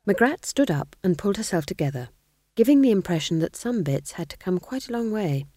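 A woman reading a comic fantasy novel aloud as audiobook narrator, wry and measured, close to the mic. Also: medium pitch, big pitch swings, a little mellow, dry recording.

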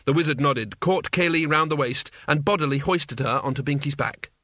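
A man's voice: a little high, normal speed, sharp tone, dry recording. A man narrating an audiobook in a dry, wry storytelling manner. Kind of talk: scripted narration.

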